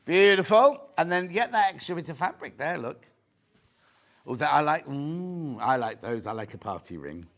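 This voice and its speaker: A man's voice: fairly high pitch, creaky, a bit bright. A man with a British accent hosting a live shopping channel, chatting and reading out viewer comments. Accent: British English. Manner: chatty, camp asides, reads viewer comments aloud. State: a bit out of breath. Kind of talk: live TV sales presenting.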